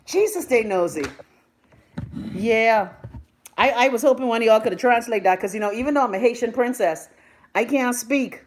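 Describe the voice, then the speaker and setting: A young Bahamian woman hosting a live stream, chatting loudly to her viewers, gossipy and swearing freely. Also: fairly high pitch, normal speed, pauses often, a little hiss or hum. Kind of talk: casual live-stream chat.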